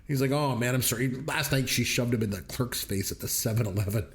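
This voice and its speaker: A man's voice: medium pitch, quick pace. A man co-hosting a movie review podcast, retelling scenes in a casual chat and laughing often as he goes. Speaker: podcast co-host.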